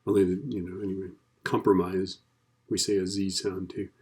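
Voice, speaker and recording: A man's voice: deep voice, flat delivery, normal speed, a little mellow. A man teaching a recorded lesson in a chatty, casual way, often checking in with "right?". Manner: chatty, keeps asking "right?".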